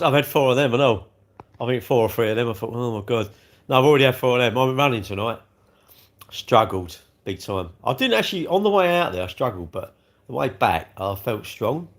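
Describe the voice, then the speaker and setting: A livestream host with a medium-pitched, slightly bright voice chats animatedly at a moderate pace. He rambles casually while eating cake, chuckling often.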